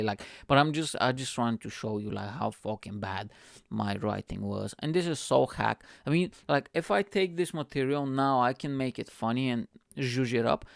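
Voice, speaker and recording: A man's voice: medium pitch, creaky, no room sound, clean studio sound. A man hosting his own comedy show, rambling through profane, self-mocking asides. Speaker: comedian and podcast host. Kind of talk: casual comedy monologue. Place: at home.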